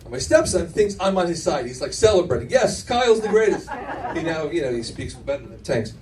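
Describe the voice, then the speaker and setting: A man's voice: fairly high pitch, fast talker, far from the mic, crowd noise, low-quality recording. A middle-aged man performing a stand-up comedy set in a club, telling stories with lots of restarts and audience laughter behind. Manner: animated storytelling with many restarts.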